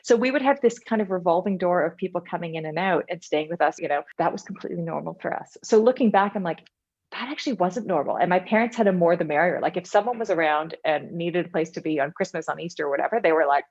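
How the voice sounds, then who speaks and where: A woman from Canada, a podcast guest, chatting in a lively way as she tells stories from her life. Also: lowish voice, fast, hardly any pauses. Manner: chatty, animated storyteller. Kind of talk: casual interview conversation. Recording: dull lo-fi sound.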